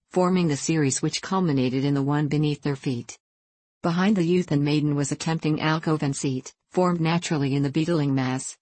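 A woman narrating a classic novel in a measured, even reading, giving the dialogue gentle voices. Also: deep voice, no echo, rough recording. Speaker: audiobook narrator.

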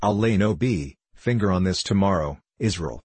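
Man voicing a surly worn-out miner, growling, curt, deep husky voice, audiobook. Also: expressive, moderate pace, a little mellow, no echo. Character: surly exhausted male coal miner, short-tempered.

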